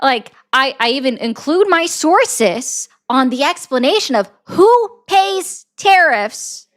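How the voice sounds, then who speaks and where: A woman political commentator, arguing and explaining at a quick, assertive clip. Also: high voice, very animated. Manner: rapid, assertive, lecturing.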